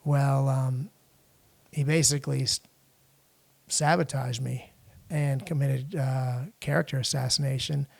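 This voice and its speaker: A middle-aged man from the United States, a podcast guest telling a personal story in a halting way, with frequent restarts and fillers. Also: mid-range voice, steady tone, gravelly, a little mellow. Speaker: podcast guest, international lawyer.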